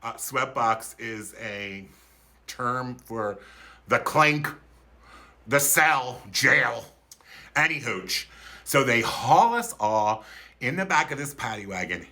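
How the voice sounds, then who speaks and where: Campy flamboyant guy in his 50s doing a funny story on a live stream, really bright sharp voice. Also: lively intonation, takes it slowly, long pauses. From Philadelphia, USA. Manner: campy, flamboyant and theatrical, with sudden high-pitched outbursts. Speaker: comic storyteller. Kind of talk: comic storytelling on a livestream.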